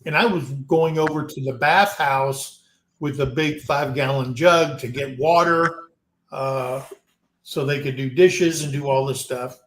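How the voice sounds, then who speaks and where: An American man hosting a casual live-stream chat, telling long stories in a rambling, unhurried way. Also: medium pitch, a bit bright, roomy sound, a little hiss or hum. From United States. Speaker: host.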